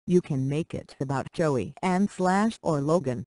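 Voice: medium pitch, a little slow, a little mellow, no echo. A reader going through story contest rules and prizes in a plain, list-like way. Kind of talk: reading a story contest announcement.

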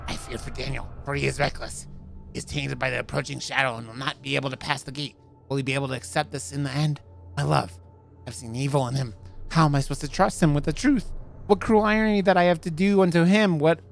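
A man's voice: fairly high pitch, fairly even intonation, brisk, creaky, soft background music. A man streaming a horror game, joking crudely with lots of swearing and reading the in-game notes aloud in a casual way. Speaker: let's play streamer. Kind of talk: casual gameplay commentary.

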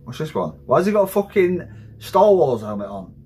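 Jumpy sweary guy in his 30s reacting to vids, husky, high voice that swings all over. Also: normal speed, a little hiss or hum. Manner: excitable and heavily profane. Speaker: reaction video host. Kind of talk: casual reaction commentary.

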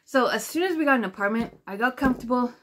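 A woman with a fairly high-pitched voice tells a story straight to her camera in a loose, rambling way. She swears freely and leans on "like" fillers. She sounds animated and indignant as she goes. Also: fast talker. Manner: rambling and profane, full of "like" fillers; animated and indignant while retelling. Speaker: vlogger.

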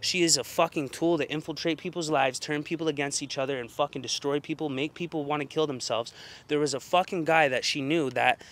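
A young man rants into the camera, upset and swearing at nearly every turn. He keeps circling back with fillers and heavy emphasis. His voice sits a little higher than most men's. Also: steady tone, a little fast, fairly bright tone. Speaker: channel host. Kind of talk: agitated personal rant to camera.

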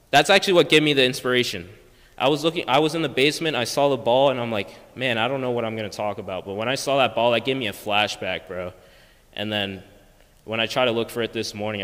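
A teenage boy doing a stand-up routine as a student performer, talking in slang and getting loud as his story builds. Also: medium pitch. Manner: animated, slangy, exclaims loudly in places. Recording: echoey school studio hall.

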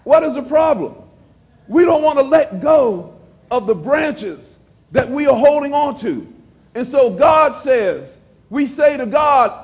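A man preaching a sermon as pastor, repeating phrases for emphasis and dropping suddenly to a hush. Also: extremely high pitch, expressive, a little slow.

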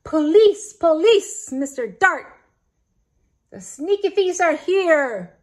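A woman voicing a flat young boy who shouts for the police in a storybook reading. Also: very high voice, slow pace, voice pushed up, full character voice. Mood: shouting.

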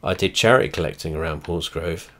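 Deep-voiced sweary man. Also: brisk, fairly bright tone. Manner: rambling, heavy swearing, blunt and chatty; trails off and restarts often. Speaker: video creator. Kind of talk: casual rambling commentary while playing a flight simulator.

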